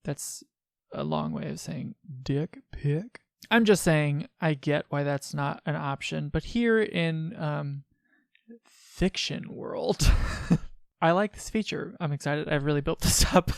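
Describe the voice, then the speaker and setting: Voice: mid-range voice, a little slow, creaky, no room sound, clean studio sound. A let's play host giving casual commentary, chatty, with frequent laughs and sarcastic asides.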